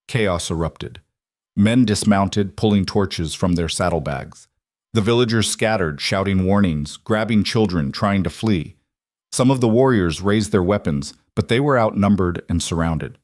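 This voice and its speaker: A man narrating a western story in a steady, dramatic scripted style. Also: deep voice, a little slow, no echo, clean studio sound.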